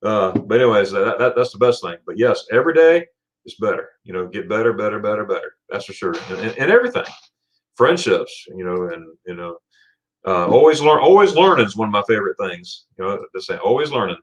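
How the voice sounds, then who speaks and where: A man's voice: fairly low pitch, big pitch swings, brisk. A middle-aged man hosting a live stream, telling funny stories in a casual chat, laughing often and repeating words as he talks. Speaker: livestream host.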